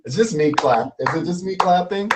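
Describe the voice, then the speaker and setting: A man's voice: high voice, animated, normal speed, heavy background noise. A man hosting a live stream quiz in a playful way, laughing often and repeating himself.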